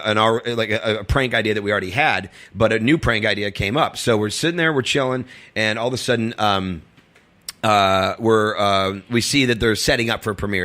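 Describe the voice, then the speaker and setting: Fast-talking bright-voiced man telling stories. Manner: rambling, filler-heavy, acts out quotes in a high voice. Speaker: comedian guest. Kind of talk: casual storytelling chat.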